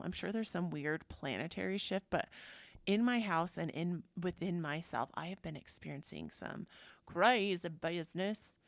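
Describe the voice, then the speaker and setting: A woman hosting a podcast, telling personal stories in a chatty, animated way and acting out what people said. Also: fairly low pitch, gravelly, no echo. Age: adult. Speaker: podcast host. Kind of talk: casual personal storytelling.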